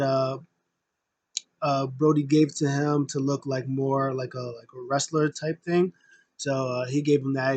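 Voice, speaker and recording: Man, fairly high voice, casual wrestling recap, rambling and emotional, dry close sound. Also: no echo. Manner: rambling, filler-heavy, emotional fan talk. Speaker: wrestling show reviewer.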